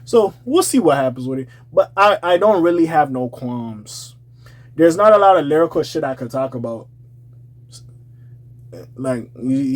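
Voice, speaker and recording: A young man giving a casual, profane album review in slangy talk, laughing often. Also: on the high side. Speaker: music reviewer.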